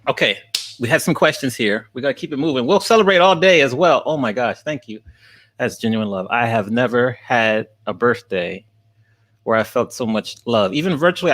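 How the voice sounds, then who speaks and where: A man's voice: mid-range voice, a bit bright. A man streaming live, laughing often and thanking viewers by name as he gets through the questions. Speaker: streamer and college teacher.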